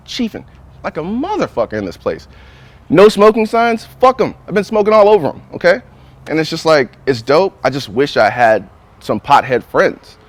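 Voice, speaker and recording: A man's voice: medium pitch, no echo. Brief: young man from North Carolina, profane stand-up comic, rambling delivery, dry recording. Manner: crude, rambling, says "you know what I'm saying" a lot. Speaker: stand-up comedian.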